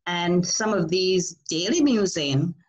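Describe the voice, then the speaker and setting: A woman's voice: fairly low pitch, expressive, takes it slowly, low-quality recording. A woman, a festival executive, giving a friendly welcome and introducing a workshop on a video call. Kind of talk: webinar introduction.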